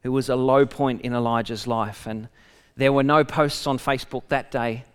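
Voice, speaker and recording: A man's voice: medium pitch, fairly even intonation, normal speed, clear, resonant tone, in a large hall. A man preaching a sermon, reading a scripture passage aloud and breaking off for conversational asides to the congregation.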